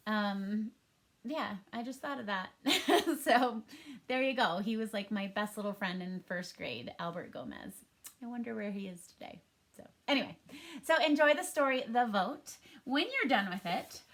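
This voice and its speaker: A woman's voice: on the high side, fairly bright tone. A woman teaching a first grade reading lesson for a home recording, upbeat and encouraging in a sing-song teacher manner.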